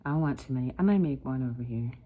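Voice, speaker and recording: A middle-aged woman chatting warmly through a step-by-step watercolor painting lesson, often calling her viewers "guys". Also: extremely low pitch, very fast, phone-quality sound. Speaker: watercolor art teacher.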